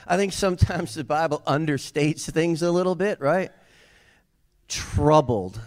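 Casual, animated male preacher. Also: mid-range voice. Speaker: pastor. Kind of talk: sermon.

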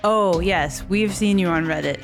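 A woman's voice: on the low side, moderate pace, vocal fry, faint music behind. A woman improvising a hesitant giant robot leader in a comedy sketch, asking puzzled questions.

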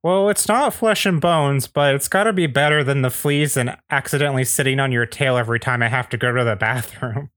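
A man's voice: mid-range voice, a little fast, few pauses, fairly bright tone, no room sound, clean studio sound, voice pushed up, lightly acted. A man voicing a grumpy talking cat creature who complains, in a fan table read of a radio-style drama. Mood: grumbling.

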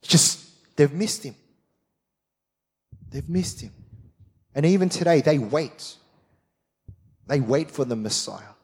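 A man's voice: fairly high pitch, expressive, takes it slowly, long pauses, a little mellow, slightly rough. A middle-aged man preaching a sermon as pastor, fired-up and emphatic with repeated phrases. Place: large church hall. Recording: long church hall reverb.

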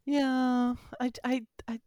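A young American speaker in their twenties chatting casually on a podcast, telling stories in a quick, animated way with frequent restarts. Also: sits high, clean tone, no echo, clean studio sound. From United States. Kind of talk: casual chat.

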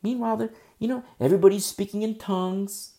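This male pastor speaks fast in a high voice with a steady tone, gravelly but dark and mellow. In his sermon, he makes his case through rapid runs of emphatic rhetorical questions.

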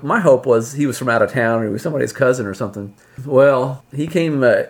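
A man telling a humorous, self-deprecating story from his youth in a casual way. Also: mid-range voice. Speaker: storyteller on a podcast.

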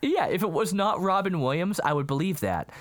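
A man's voice: a little fast, a loud crowd. A man co-hosting a casual chat, recapping a film and acting out its quotes. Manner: animated storyteller, acts out quotes with jumpy pitch.

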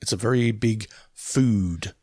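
A man co-hosting a casual podcast chat, animated and quick to laugh. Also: lowish voice, no room sound, clean studio sound. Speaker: podcast co-host.

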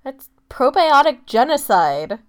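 A woman co-hosting a travel podcast in casual chat, delivering absurd jokes in a dry, deadpan way. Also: high-pitched, takes it slowly. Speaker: podcast co-host.

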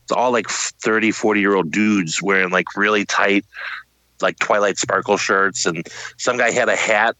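Bright-voiced middle-aged man, dry sound. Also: lowish voice, normal speed, no echo, low-quality recording. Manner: relaxed anecdote-telling. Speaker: podcast co-host. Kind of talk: casual chat.

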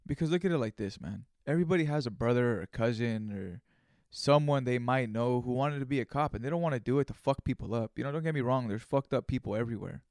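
A man hosts his own podcast, telling a rambling, profane story in casual conversational speech. His mid-range voice has a darkish tone, recorded on a studio microphone with clean sound and no echo.

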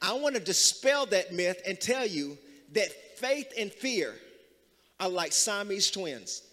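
High-voiced pastor. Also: male voice, big pitch swings, slow pace. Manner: preaching that builds into singing and shouting hymns. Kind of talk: sermon. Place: church sanctuary. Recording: reverberant church with music.

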